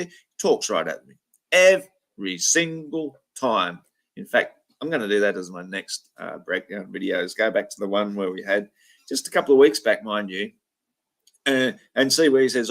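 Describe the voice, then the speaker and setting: A man's voice: fairly low pitch, expressive, moderate pace, fairly bright tone. A man hosting a reaction commentary, ranting angrily with lots of swearing and mocking. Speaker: commentary video host.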